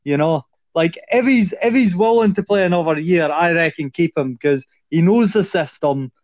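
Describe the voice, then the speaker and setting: High-voiced man giving his opinions. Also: normal speed, a little mellow, no echo. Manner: opinionated, conversational, "I reckon". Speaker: podcast guest. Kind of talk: casual sports podcast chat. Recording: dull, dry lo-fi audio.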